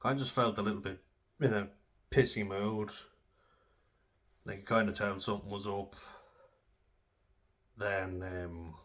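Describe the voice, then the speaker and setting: A man's voice: on the low side, steady tone, a little slow, pauses often, a bit bright. A young Irish man telling candid, sweary stories about his own drinking, casual and self-deprecating. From Ireland. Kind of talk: candid personal storytelling.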